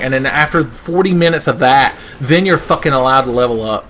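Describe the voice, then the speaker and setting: A man's voice: fairly high pitch, animated, fast, sharp tone. A man doing sarcastic, profane comedic commentary over gameplay, ranting and putting on silly voices. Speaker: gaming video host.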